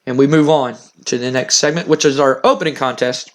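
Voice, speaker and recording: A man's voice: mid-range voice, a little fast. Rambling man retelling a game story. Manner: rambling, stammering with restarts. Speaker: gaming channel host.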